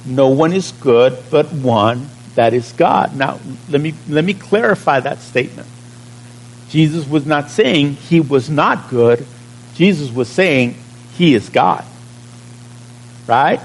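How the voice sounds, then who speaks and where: A man preaching at a measured, unhurried pace, his voice sitting a little high. He speaks plainly, like a pastor in conversation with his flock, drawing out key words and checking in with the congregation. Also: rough recording. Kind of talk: sermon.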